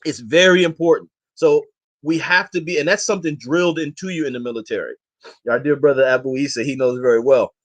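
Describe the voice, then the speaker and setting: A man who talks quickly in a fairly high voice, pushing his points home with impassioned, slangy emphasis. He sounds like an interview guest speaking off the cuff and exhorting the people listening. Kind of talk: casual interview talk.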